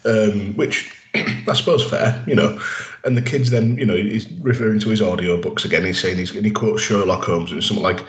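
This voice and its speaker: A low-pitched man chatting on a podcast, rambling through an episode recap with plenty of ums and restarts. His voice carries a noticeable echo from the room around him. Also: a little fast. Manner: rambling, enthusiastic recaps with many fillers. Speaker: podcast co-host. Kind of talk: casual chat.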